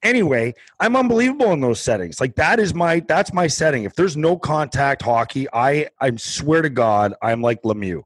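A man's voice: medium pitch, expressive, normal speed, few pauses, breathy edge, no echo. A man co-hosting a podcast in casual chat, ranting in a worked-up, profane way. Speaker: podcast co-host.

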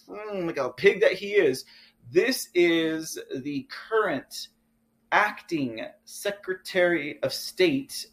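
A man from Texas, hosting a live political commentary show in a fired-up, ranting way, often tossing in "okay?" and "guys". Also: high voice.

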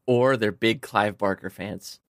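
A man co-hosting a casual movie review podcast, tossing in quick quips. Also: on the low side, a bit bright, no room sound, studio quality. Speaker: podcast co-host.

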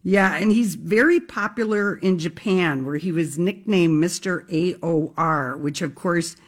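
A woman's voice: lowish voice, measured pace. Lady radio cohost, chatty and rambling, lots of ums. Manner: rambling, with many ums and uhs. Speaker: radio co-host. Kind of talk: casual radio chat.

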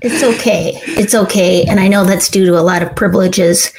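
A woman's voice: mid-range voice, steady tone, normal speed, background noise. A woman guest on a podcast, chatting casually with a wry, dry humor. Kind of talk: casual interview chat.

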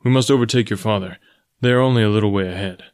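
A man voicing a strong, fierce but tender jungle man in a storybook reading, low and firm. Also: fast talker, darkish tone, smooth, close to an everyday voice. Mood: earnest, fierce.

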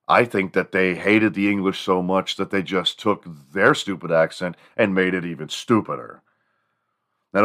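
A man's voice: sits low, a bit bright. Crude, rambling man telling comedy stories. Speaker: podcast host. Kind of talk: casual comedic storytelling.

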